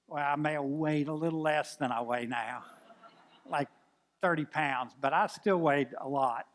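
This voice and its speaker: A man in his sixties, a pastor telling a folksy, animated story in a sermon. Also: sits high. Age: 60s.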